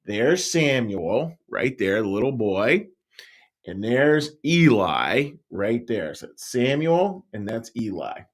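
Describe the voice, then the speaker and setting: Animated pastor man telling kids stories. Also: mid-range voice, takes it slowly. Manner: animated, playful storytelling voice that swings up and down, talking straight to kids. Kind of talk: telling a Bible story to young kids.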